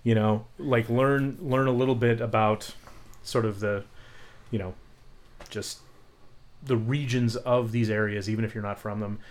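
A man's voice: on the low side, steady tone, measured pace, long pauses. A young man co-hosting a podcast in casual chat, rambling loosely with frequent fillers and casual swearing. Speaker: podcast co-host.

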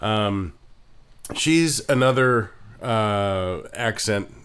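A man co-hosting a casual podcast chat, explaining accent resources in a measured, informative way. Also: fairly low pitch, a bit bright, clear, resonant tone.

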